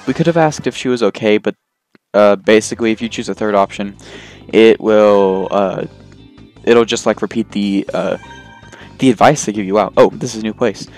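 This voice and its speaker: A man's voice: fairly low pitch, moderate pace, a little mellow. Rambling, jokey male game commentator. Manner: rambling, self-deprecating, jokey, lots of fillers. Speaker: let's play host. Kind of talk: casual gameplay commentary. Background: faint game music.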